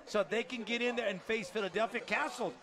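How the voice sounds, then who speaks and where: A man doing tennis broadcast commentary from an outdoor venue, upbeat and promotional, calling out scores and standings. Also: brisk. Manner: upbeat, promotional, shouts out highlights. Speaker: play-by-play commentator.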